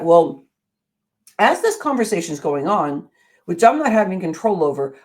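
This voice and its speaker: A woman's voice: on the low side, very animated, moderate pace. A middle-aged woman hosting a motivational show, telling a personal story in an earnest, emphatic way. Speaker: show host.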